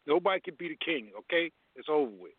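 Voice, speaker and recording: A man's voice: fairly high pitch, lively intonation, quick pace, slightly rough, dry recording. A man hosting a radio show in loose, profane street slang. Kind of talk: casual radio talk. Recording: dry, phone-like sound.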